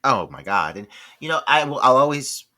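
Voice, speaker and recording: A man's voice: medium pitch, very animated, moderate pace, sharp tone. A man co-hosting a film podcast, talking casually and swearing freely. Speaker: podcast co-host.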